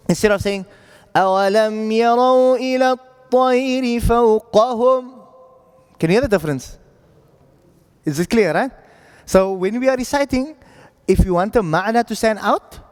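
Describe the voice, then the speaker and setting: A man teaching Quran recitation in a relaxed classroom manner, often pausing to ask "right?" to check that his students follow. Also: high voice. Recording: echoey classroom audio.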